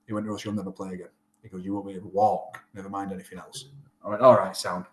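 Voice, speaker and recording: Yorkshire man telling a lively story. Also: low voice, racing. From England. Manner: animated, acts out quoted dialogue. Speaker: rugby player guest. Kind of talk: casual storytelling interview. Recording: roomy echo.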